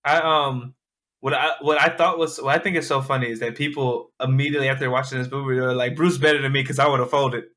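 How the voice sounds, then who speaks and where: A man guesting on a casual podcast, speaking haltingly with many restarts and fillers. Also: mid-range voice, fairly even intonation, pushed and bright. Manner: halting, full of restarts and ums.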